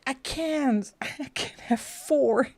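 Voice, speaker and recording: A woman's voice: sits high, drawn-out words, darkish tone. A woman whose first language is Dutch, speaking English with a Flemish accent, hosting a live stream and chatting casually while colouring, giggling often.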